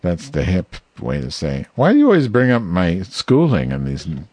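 A man making a prank phone call, talking in a sardonic, mumbling, deadpan way. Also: low voice, moderate pace. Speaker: prank caller.

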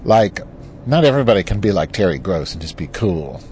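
A man's voice: low voice, big pitch swings, brisk, a little mellow, a little hiss or hum. A man talking alone in his car into a clip-on phone mic, ranting in a profane, rambling way. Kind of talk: casual monologue. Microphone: clip-on mic attached to a phone.

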